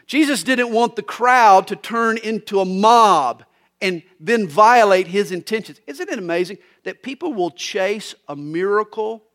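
A man preaching a radio sermon, telling jokes and stories in a folksy, animated way. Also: sits high. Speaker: pastor.

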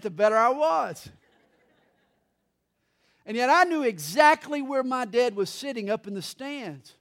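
A middle-aged man, a pastor, preaching a sermon with dramatic pauses and touches of humor. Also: sits high.

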